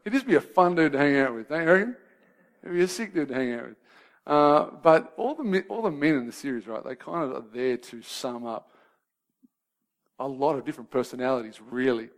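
Talking fairly quickly in a mid-range voice, a man gives a sermon in an easy, conversational way and checks in often with his listeners. His delivery alternates between lively banter and hushed, serious questions.

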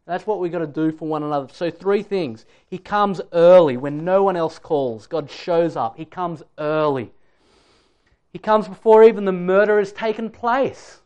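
A man preaching a sermon in an earnest, emphatic way, putting direct questions to his listeners. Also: high voice.

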